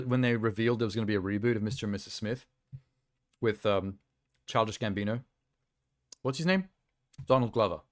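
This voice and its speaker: A man's voice: medium pitch, dry recording, studio quality. A man streaming casual reaction chat, rambling and offhand with lots of fillers, talking around a sour lolly in his mouth.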